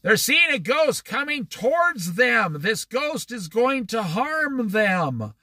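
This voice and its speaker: A man's voice: very high voice, big pitch swings, slow, sharp tone, no room sound. A man leading an informal Bible study, reading verses aloud and then explaining them in a conversational way. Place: on the Oregon coast.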